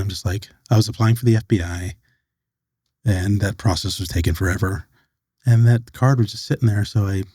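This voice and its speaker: A middle-aged American man with a lowish, mellow voice tells a long personal story as a podcast guest. He slips into the voices of the people he quotes. The recording is dry and close, with no room sound. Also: breathy edge, no room sound. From United States. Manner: animated storyteller who acts out quoted dialogue.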